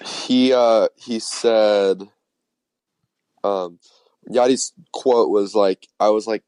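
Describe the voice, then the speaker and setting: A man's voice: fairly low pitch, fairly even intonation, takes it slowly, darkish tone, smooth, no echo. A young man in his twenties hosting a podcast, bantering in an easygoing, laid-back way. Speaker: podcast host. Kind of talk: casual chat.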